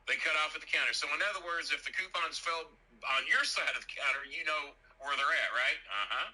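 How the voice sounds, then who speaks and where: Guy ranting and cussing up a storm, super bright edgy voice, kinda raspy. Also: fairly high pitch, brisk, few pauses, low-quality recording. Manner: indignant, cursing, repetitive. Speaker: storyteller. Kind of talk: profane comic rant.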